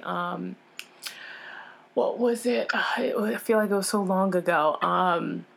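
A woman with a somewhat low voice tells a personal story as an interview guest, speaking frankly and with feeling. She talks casually, with plenty of fillers and self-corrections, and her delivery turns animated as she recounts what happened. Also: unhurried, creaky. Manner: animated, acts out others' lines in changed voices; frank, emotional retelling with frequent fillers.

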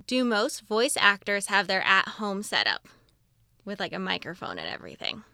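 A woman's voice: medium pitch, huge pitch swings, normal speed, gravelly, sharp tone, dry recording, studio quality. A woman host asking a guest questions in a casual, curious interview.

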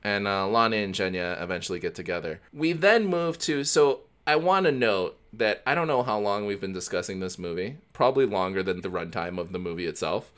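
A man's voice: on the low side, fairly quick, hardly any pauses. A man co-hosting a podcast, recapping a film in casual chat and slipping into mock voices. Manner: animated storyteller, does mock voices. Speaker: podcast co-host. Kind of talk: casual movie discussion.

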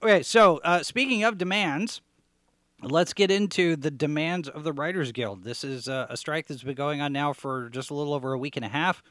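A man hosts a live online talk show with a bright, forward tone and a fairly high voice. He keeps things moving at an upbeat, hurried clip. The mic is close and dry. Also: no echo. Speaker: podcast host and editor.

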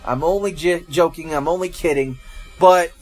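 A man's voice: a little high, normal speed, soft background music. A man from Georgia, hosting a casual food review and chatting to viewers as folks and guys. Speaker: food reviewer, show host.

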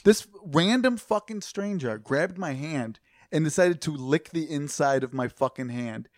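A man's voice: on the high side, lively intonation, a little slow, dry recording, clean studio sound. A young man, a podcast co-host, telling a rambling, profane story in casual chat.

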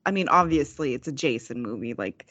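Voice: mid-range voice, lively intonation, brisk, pushed and bright, no room sound. A podcast co-host chatting casually about films, hesitant and full of fillers. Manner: hesitant, many fillers like "like" and "I don't know". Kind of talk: casual film review chat.

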